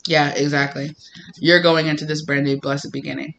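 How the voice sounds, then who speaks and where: A man giving a casual tarot reading, his voice bright and sharp and pitched a little high. He talks in an animated, emphatic way and laughs often, over a faint background hiss. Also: moderate pace, vocal fry. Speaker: tarot reader.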